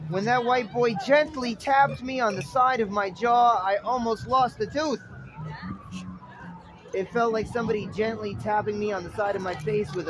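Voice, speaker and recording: A man delivering a rambling, dramatic stream-of-consciousness monologue with poetic turns. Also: sits high. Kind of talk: rambling spoken-word monologue. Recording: street noise with traffic.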